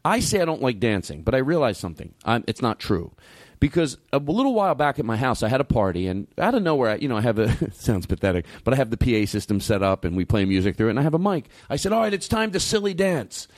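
A man's voice: mid-range voice, sing-song, fast talker, no echo. A man hosting a radio show, chatting casually and rambling through stories with loose profanity on a studio mic. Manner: rambling storyteller, swears freely. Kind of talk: casual on-air chat.

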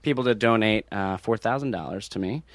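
A man, a comedian guest, telling stories in a relaxed, rambling way in casual podcast chat. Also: on the low side, a little fast, slight background noise. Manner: laid-back, rambling storyteller.

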